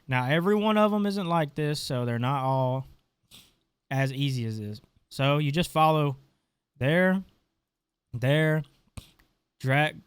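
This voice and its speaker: A man's voice: fairly high pitch, clean tone, dry recording. A man hosting a casual gaming tutorial, talking offhandedly while clicking through settings, his voice stuffy and congested. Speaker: gaming channel host. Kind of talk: casual screen-recorded tutorial.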